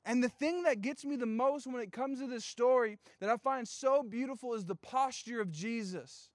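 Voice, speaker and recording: Young male youth pastor, high voice, dry close sound, lively joking sermon. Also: normal speed, no room sound. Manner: animated storytelling with playful asides and slang.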